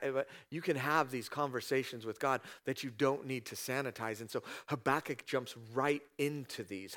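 A man delivers a sermon in a relaxed, conversational way, at a middle pitch. He reads scripture calmly and then jumps his voice up, louder and higher, to act out people's prayers and God's replies. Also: moderate pace, hardly any pauses. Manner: conversational preaching, acts out prayers in raised voice. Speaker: pastor.

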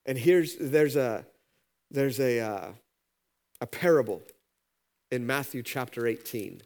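A pastor giving a sermon, telling a parable and voicing its characters with sudden high-pitched lines. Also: male voice, slow pace. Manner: animated, acts out parable characters with pitch jumps.

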